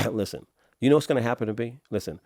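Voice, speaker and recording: A middle-aged man from Los Angeles, a podcast guest telling his life story in a casual, streetwise way, often clearing his throat. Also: mid-range voice, fast, darkish tone, dry recording, studio quality. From Los Angeles, USA.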